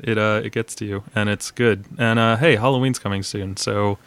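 A man's voice: fairly low pitch, dry recording. A young man hosting a casual film podcast, chatty and self-mocking, laughing often. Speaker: podcast host.

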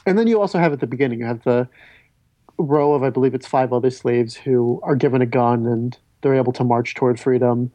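Male podcast host, rambling and talkative, warm mellow timbre. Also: mid-range voice, fairly quick, dry recording, highs cut off. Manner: rambling, self-interrupting, stammers on restarts. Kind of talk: casual film discussion.

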